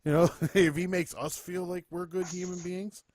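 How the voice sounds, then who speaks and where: A man's voice: high voice, level tone, moderate pace, darkish tone, dry recording, clean studio sound. Playful podcast co-host man. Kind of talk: casual chat.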